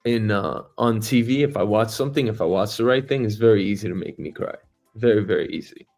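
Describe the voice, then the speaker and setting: A man's voice: fairly low pitch, quick pace, gravelly, darkish tone, soft background music. A man hosting his own livestream, ranting casually with lots of swearing and mocking laughs. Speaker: livestream host.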